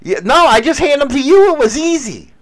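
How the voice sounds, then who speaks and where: A middle-aged man trades teasing jokes with his wife in loose, casual banter. His voice sits high and swings widely in pitch as he plays up mock-chauvinist bits. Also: big pitch swings, brisk. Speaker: podcast co-host.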